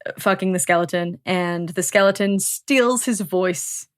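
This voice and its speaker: A woman's voice: lowish voice, unhurried. A woman hosting a book podcast, chatting casually, laughing often and swearing freely. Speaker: podcast host.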